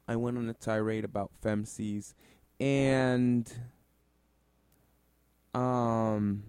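A man rants in commentary, heaping sarcasm and curses on what he critiques. His voice sits at an ordinary middle pitch. The sound is dry and close, with no room around it. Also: level tone, very slow, pauses often, a little mellow, smooth, no echo. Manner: sarcastic, profane, exasperated. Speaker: music commentator. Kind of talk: ranting commentary.

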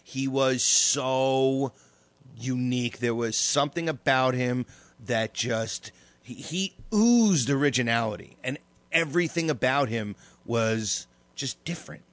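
A man's voice: mid-range voice, a little slow, no echo. A man co-hosting a talk show in casual chat, rambling with many restarts and frequent laughs. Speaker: radio show co-host.

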